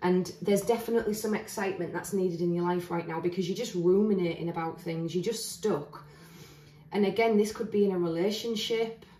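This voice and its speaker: A tarot reader stands indoors at a table of cards, talking in a chatty, earnest way and restarting as she thinks aloud during a casual reading. Her voice is on the low side, warm, and a little fast. There's slight background noise, a roomy echo, and she's heard from a distance.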